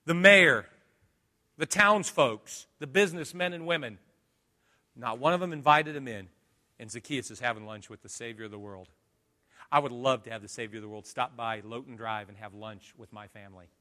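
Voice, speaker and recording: Bright-voiced man preaching with big swings. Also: mid-range voice, moderate pace. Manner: dramatic, swings from hushed to loud. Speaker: pastor. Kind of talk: sermon.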